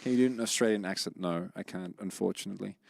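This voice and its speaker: A man's voice: deep voice, quick pace, vocal fry, no echo, studio quality. A tired male esports caster chatting casually, giggly and self-mocking. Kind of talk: casual chat between casters.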